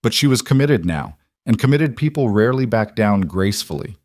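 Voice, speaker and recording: A man narrates a frontier story in a measured, even storytelling manner, and his voice sits on the lower side. The recording is dry and close, with no room sound. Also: no room sound.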